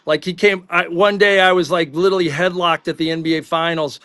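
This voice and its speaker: A middle-aged man with a high, bright voice spins animated anecdotes on a sports talk podcast. His delivery is close and dry, with no room sound. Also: a little fast, dry recording. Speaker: panelist, sports writer. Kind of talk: casual podcast chat.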